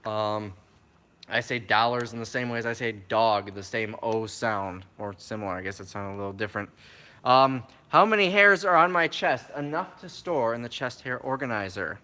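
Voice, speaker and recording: A man talks at normal speed and medium pitch as he answers viewers' questions during a live stream. He keeps things chatty and laid-back, reading every question aloud first.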